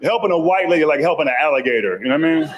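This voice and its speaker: A man's voice: on the high side, lively intonation, very fast, heavy background noise. A man from Texas with a Texas accent, telling a stand-up comedy story and acting out the voices of other people.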